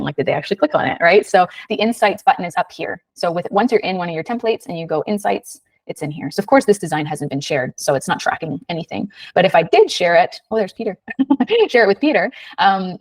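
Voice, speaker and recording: A woman runs a live webinar tutorial over a video call, chatty and quick, with frequent "um"s and "right?" checks. Her voice sits a little low and sounds dry, slightly back from the microphone. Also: dry recording, far from the mic. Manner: chatty, fast, many fillers and "right?" tags. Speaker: webinar host, design instructor. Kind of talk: live screen-share tutorial.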